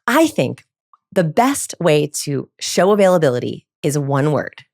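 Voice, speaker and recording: A woman's voice: low voice, big pitch swings, unhurried, darkish tone. A woman, a body language researcher, talking as a podcast guest with energy, laughing often and acting out the lines she quotes. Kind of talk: animated podcast conversation.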